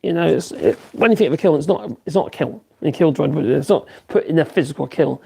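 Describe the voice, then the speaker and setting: Gravelly Norfolk man in his fifties. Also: a little high, quick pace, dark tone. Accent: Norfolk English. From Norfolk, England. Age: 50s. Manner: rambling, many fillers and restarts, chuckles. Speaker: woodworker livestream host. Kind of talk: casual livestream chat answering viewers.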